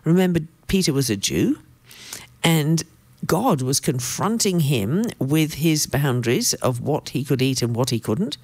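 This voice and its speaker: A woman preacher with a low voice reads scripture and comments in a lively, swinging tone. She speaks with emphatic asides, recorded close and dry. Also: no echo. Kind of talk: sermon with Bible reading.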